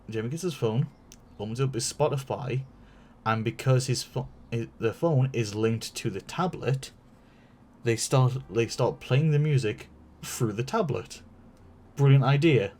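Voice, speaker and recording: A man's voice: medium pitch, a little mellow. A man streaming, telling a long story casually with many fillers, restarts and swearing.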